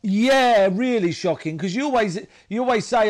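Halting man recounting addiction. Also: high voice, big pitch swings. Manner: halting, repeats himself, many fillers. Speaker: guest. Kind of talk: emotional personal interview talk.

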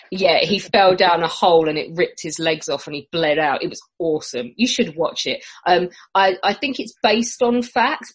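A woman's voice: on the low side, husky, rough recording. A woman on a casual podcast, telling a history story in a blunt, sweary, sarcastic way. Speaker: podcast co-host presenting a history topic. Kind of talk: casual comedic podcast chat.

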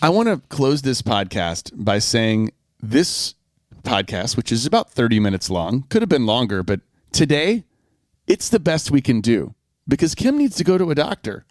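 A middle-aged man co-hosting a podcast in casual chat, sincere and reflective, with halting restarts. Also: medium pitch, very animated, no room sound, clean studio sound. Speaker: podcast co-host.

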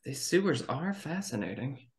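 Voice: mid-range voice, sing-song, moderate pace. Joking player in an echoey room. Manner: joking asides. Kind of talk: casual tabletop play.

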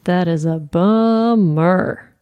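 Slow-talking woman podcast co-host. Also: fairly low pitch, smooth, no room sound, highs cut off. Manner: sympathetic, casual, swears. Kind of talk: casual podcast chat.

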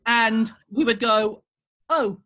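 A woman's voice: mid-range voice, brisk, a bit bright. British woman, middle-aged, gossipy storyteller, acts out quotes. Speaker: guest storyteller. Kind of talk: casual chat, anecdote.

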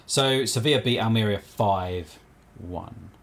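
A man on a casual football podcast, reading out results as a halting list and stumbling over team names. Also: fairly low pitch. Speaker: podcast co-host.

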